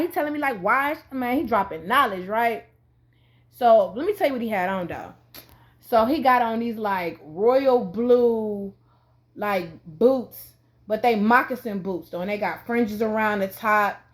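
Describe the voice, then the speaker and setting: A woman casually telling a story to her viewers, full of "like" and slang, acting out the quoted lines in a jumpy, lively way. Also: measured pace. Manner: animated, acts out quoted dialogue with big pitch jumps; heavy filler "like", loose slangy phrasing. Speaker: vlogger.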